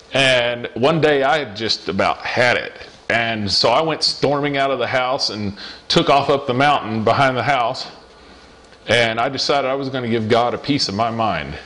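A man's voice: medium pitch, fairly bright tone. Earnest man telling a personal testimony. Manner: earnest storytelling, repeats phrases, slows for emphasis. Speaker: lay preacher.

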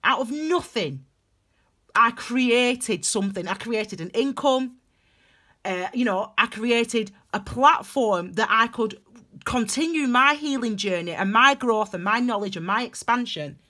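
A young woman giving a casual tarot reading to camera, emphatic and animated, repeating phrases for stress. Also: on the high side, unhurried. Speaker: tarot reader.

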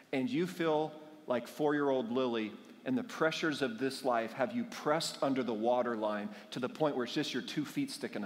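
A male pastor preaching a sermon, telling a humorous personal story and building to fervent exhortation. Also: on the high side. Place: church sanctuary. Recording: long church hall reverb.

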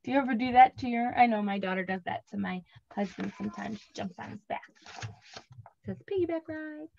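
At children's story time, a woman in her thirties who teaches preschool sings simple songs and reads a picture book with gentle expression. She speaks briskly in a gravelly mid-range voice, over dull lo-fi audio with a slight hiss or hum.

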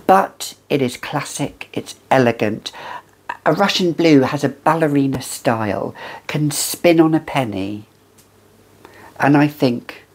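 A fragrance reviewer, musing in a halting, casual way and drifting into soft whispered asides. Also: mid-range voice, gravelly, slightly rough.

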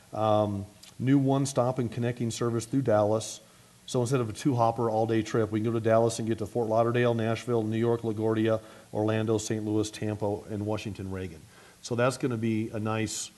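Speaking at a luncheon, a middle-aged man who serves as a city mayor gives a lively speech and fields questions. He talks quickly, with frequent restarts, in a fairly low-pitched voice.

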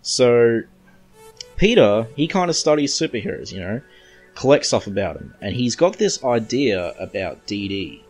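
A man's voice: medium pitch, very animated, normal speed, a little mellow, breathy edge, faint music behind. An Australian-accented man hosting a podcast, recapping a comic book in a rambling way with joking asides. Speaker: podcast host.

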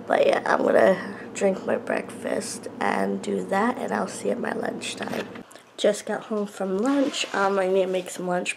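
A woman's voice: mid-range voice, measured pace, gravelly, noisy background. Chatty young woman vlogging at home. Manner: chatty, rambling, many fillers. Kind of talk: casual vlog chat to camera. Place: home, indoors.

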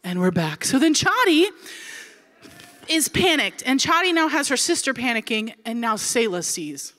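Woman pastor, 40s, higher-pitched, lively comedic preacher who acts out her stories. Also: normal speed, long reverb tail. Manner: animated and comedic, acting out scenes. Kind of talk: storytelling sermon.

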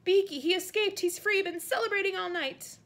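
A woman's voice: very high voice, normal speed, fairly bright tone, pitched above the performer's own voice. A woman voicing a huge, jovial male groundskeeper with a hearty, chatty manner. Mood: jolly.

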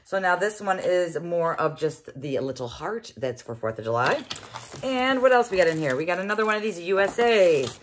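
Chatty middle-aged woman, lower voice. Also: lively intonation, normal speed. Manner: chatty, exclaiming, thinking aloud. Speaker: host. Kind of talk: casual unboxing review vlog.

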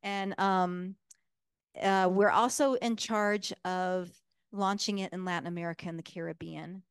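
A woman's voice: mid-range voice, fairly even intonation, unhurried, smooth, dry recording, clean studio sound. A woman giving a casual public talk as guest speaker, enthusiastic and full of fillers.

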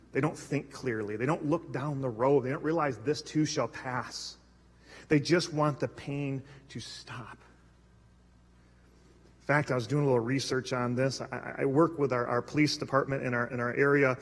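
A young adult male pastor preaching a sermon in a church sanctuary, animated, acting out quotes with big swings and frequent restarts. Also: mid-range voice, breathy edge. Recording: long hall reverb.

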